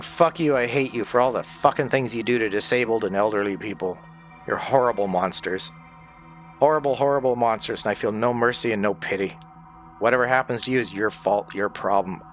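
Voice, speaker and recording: A man's voice: lowish voice, steady tone, brisk, fairly bright tone, soft background music. A man who is a streamer, ranting in casual, profane talk during a game stream. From not from the United States.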